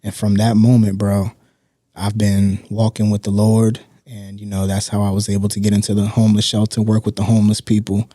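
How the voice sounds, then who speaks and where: A man telling a personal story as a podcast guest in an animated, streetwise way, often checking in with his listener. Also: on the low side, fairly quick, no room sound, clean studio sound. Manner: animated, streetwise, repeats "you know what I'm saying". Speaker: guest speaker. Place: podcast studio.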